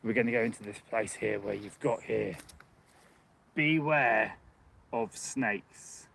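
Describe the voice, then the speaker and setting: A man's voice: on the low side, slow, vocal fry, fairly bright tone, husky. A man livestreaming casually on a handheld phone while walking outdoors along a muddy path, rambling and chatty, laughing often. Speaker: livestream host. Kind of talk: casual live chat.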